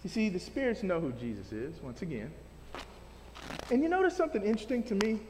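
High-voiced, animated male preacher. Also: fast, big-room sound, background noise. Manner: casual, animated preaching with slang. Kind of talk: sermon.

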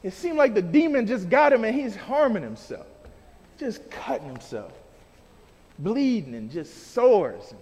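Male preacher, very high voice that swoops widely, casual slang-filled sermon delivery, heard in a hall with long reverb. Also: very animated, measured pace, darkish tone.

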